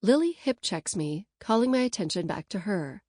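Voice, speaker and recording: A woman's voice: medium pitch, lively intonation, moderate pace, hardly any pauses, a little mellow, husky, dry recording. A young woman reading a first-person audiobook aloud, wry and sardonic, on a close studio mic. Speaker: audiobook narrator. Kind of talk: first-person scripted narration.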